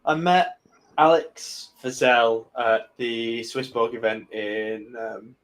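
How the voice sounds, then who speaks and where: A man hosting a podcast, telling anecdotes in a relaxed way with frequent fillers. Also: mid-range voice, slow pace. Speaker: podcast host. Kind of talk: casual podcast chat.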